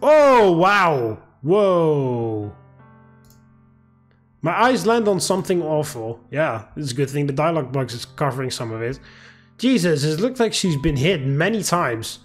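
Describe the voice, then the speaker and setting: A man reads a visual novel aloud and breaks off into rambling, laughing asides. His voice sits somewhat high and swings widely in pitch. Faint game music plays under him. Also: sing-song, moderate pace. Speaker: gameplay commentator.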